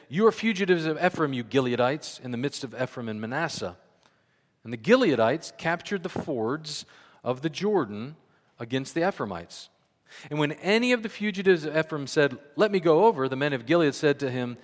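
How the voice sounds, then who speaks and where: Animated preacher man in a reverberant hall. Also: fairly high pitch. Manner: conversational, animated, acts out quoted voices. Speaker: pastor. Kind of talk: sermon.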